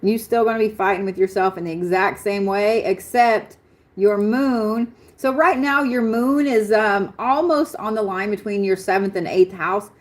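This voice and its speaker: A woman's voice: mid-range voice, normal speed. Young adult woman, blunt and chatty astrology reader on a live stream, mid-range voice, frequent laughs. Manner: blunt, swearing, laughs often. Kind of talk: live-stream chart reading.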